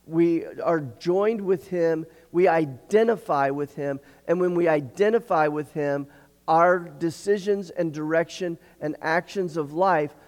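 A man preaching a sermon as pastor, earnest, often repeating words and clearing his throat. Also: on the high side. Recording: long hall reverb.

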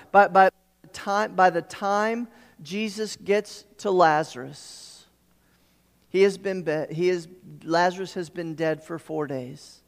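A man delivering a sermon in a somewhat high voice, repeating words and stumbling into restarts as he presses his point. His voice carries a long reverb, as in a large sanctuary. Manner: repeats words and stammers on restarts, building emphasis. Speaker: pastor.

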